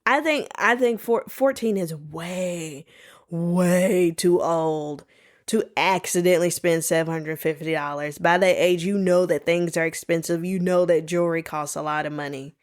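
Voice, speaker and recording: A woman hosting a solo podcast, telling stories in a sassy, animated way. She talks casually, saying "y'all" and "baby", and puts on playful voices when she quotes people. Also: lowish voice, measured pace. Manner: colloquial, says "y'all" and "baby". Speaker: podcast host.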